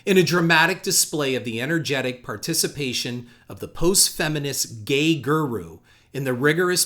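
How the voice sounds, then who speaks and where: A man's voice: medium pitch, fairly bright tone. A man hosting a podcast, reading out insulting quotes with sardonic emphasis and commentary. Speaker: podcast host.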